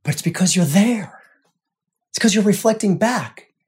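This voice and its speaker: A man hosting a spiritual podcast, talking earnestly in a monologue, repeating phrases and often dropping to a soft hush. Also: high-pitched, expressive, moderate pace. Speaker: podcast host.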